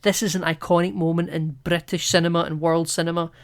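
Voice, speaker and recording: A man co-hosting a podcast, talking casually and with opinions about a film, retelling scenes in an animated way and swearing now and then. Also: fairly high pitch, fast, clean tone. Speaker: podcast co-host.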